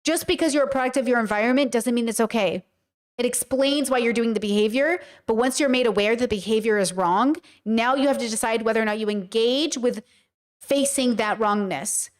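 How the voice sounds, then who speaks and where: A streamer and commentator speaks a little fast to her livestream audience, her voice slightly high. Blunt and emphatic, she swears casually as she explains things and reacts.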